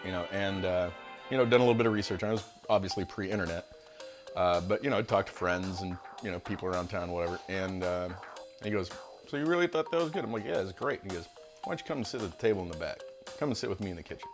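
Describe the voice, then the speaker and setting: A man's voice: low voice, fast, music in the background. A man telling a casual anecdote as a guest, acting out the people he quotes. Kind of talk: casual storytelling.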